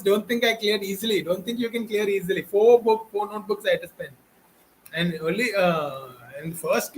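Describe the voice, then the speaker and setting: Indian-accented man, high voice, fervent exhorting lecturer, faint hiss underneath. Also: low-quality recording. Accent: Indian English. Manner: preachy, exhorting, repetitive. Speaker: online educator. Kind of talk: impassioned direct-to-camera talk.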